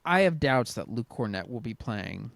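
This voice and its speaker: A man's voice: medium pitch, sing-song, normal speed, gravelly, slight background noise. A man co-hosting a casual sports podcast, joking around and reading listener questions aloud. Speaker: podcast co-host.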